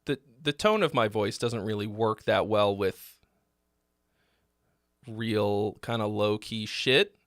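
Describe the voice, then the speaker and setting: A man hosting a live song-feedback stream, speaking bluntly with many fillers and frequent throat clearing. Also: fairly low pitch, takes it slowly, pauses often, no room sound, studio quality. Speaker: host giving song feedback. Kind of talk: casual live critique.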